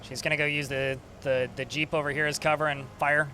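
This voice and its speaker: A man's voice: on the high side, level tone, brisk, bright, forceful tone. A man casually commentating a strategy game while streaming, chatty and swearing now and then. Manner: chatty, swearing, talks to chat.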